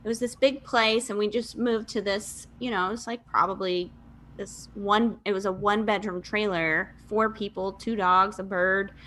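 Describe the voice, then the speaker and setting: A woman's voice: medium pitch, steady tone, normal speed, pushed and bright. A woman in her thirties from Michigan, a podcast guest telling her life story in a chatty way, laughing often and saying "like" a lot. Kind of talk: casual interview storytelling.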